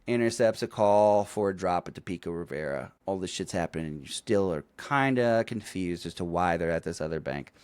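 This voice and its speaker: A man casually recapping a film for his co-host, storytelling with animation and swearing freely. His pitch rises and falls a lot as he acts out the characters' lines. The sound is dry and close. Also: lively intonation, brisk, hardly any pauses, a little mellow, smooth, no echo. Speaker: podcast co-host. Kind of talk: casual movie recap chat.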